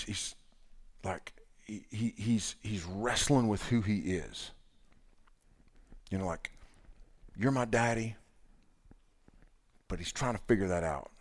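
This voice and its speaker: Middle-aged guy preaching, earnest and chatty, lots of restarts. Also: lowish voice. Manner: earnest, conversational preaching with many restarts and quoted asides. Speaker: pastor. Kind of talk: sermon.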